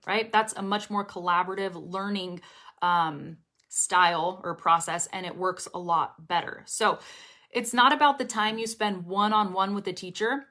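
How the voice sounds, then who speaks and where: A woman's voice: medium pitch, normal speed, bright, forceful tone. Chatty woman teaching English pronunciation. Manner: chatty, encouraging, often checks in with "okay?" and "right?". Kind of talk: casual spoken lesson to camera.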